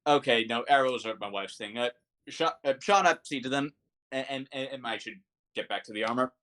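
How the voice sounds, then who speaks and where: Casting: man as a gruff dwarf blacksmith, impatient perfectionist, flustered, choppy speech. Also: medium pitch, a bit bright, natural voice. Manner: halting, many fillers.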